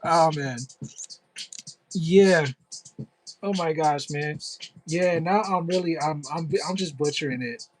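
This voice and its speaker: A middle-aged man chats casually on a livestream, upbeat and loose, his voice sitting a little high for a man. He peppers his talk with "like" and "you know", answers chat comments as they come in, and keeps it friendly and easygoing. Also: slow, pauses often, poor audio. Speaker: content creator and actor.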